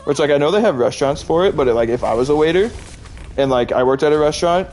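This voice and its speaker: A man's voice: fairly high pitch, animated, fast talker, darkish tone, soft background music. A man streaming live, chatting casually and rambling with lots of "like" and frequent laughter while he plays a game. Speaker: Twitch streamer. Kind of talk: casual chat while gaming.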